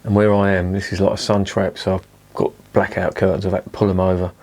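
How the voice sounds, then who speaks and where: A man's voice: sits low, level tone, fairly quick, darkish tone. A man casually reviewing a beer at home, chatty and self-mocking, swearing freely. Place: indoors at home with curtains drawn.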